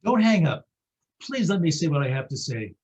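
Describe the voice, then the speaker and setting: A man's voice: a little high, very animated, moderate pace, a little mellow, slightly rough, dull audio, faint music behind. A man playing a desperate husband begging his wife. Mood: pleading. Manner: begging, urgent. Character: pleading husband facing divorce.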